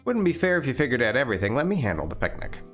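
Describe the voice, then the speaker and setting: A man's voice: medium pitch, sing-song, rapid-fire, faint music behind, lightly acted. A man voicing a sweet, refined young woman in a visual novel read-aloud, with a genteel and playful way of talking.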